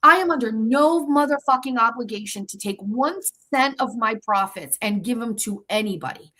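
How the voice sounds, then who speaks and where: A woman's voice: a little high, pushed and bright, low-quality recording. Heated, defiant woman host ranting. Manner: defiant, profane, repeats herself. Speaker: show host. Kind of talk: heated livestream monologue.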